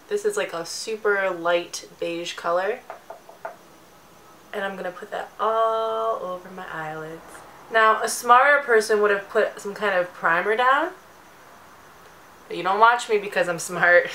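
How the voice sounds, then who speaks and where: A woman's voice: medium pitch, fairly bright tone, slight background noise, poor audio. A young woman giving a chatty, jokey makeup tutorial as a beauty vlogger.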